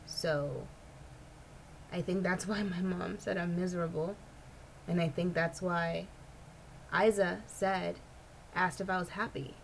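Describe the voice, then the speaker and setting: A woman's voice: fairly low pitch, steady tone, slow, creaky, pauses often, a little hiss or hum, rough recording. A woman vlogger in casual personal chat, rambling and filling her talk with "like". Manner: rambling, heavy use of "like".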